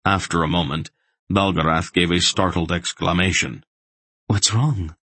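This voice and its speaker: A man narrating an audiobook in a steady, even storytelling voice. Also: deep voice, normal speed, no room sound.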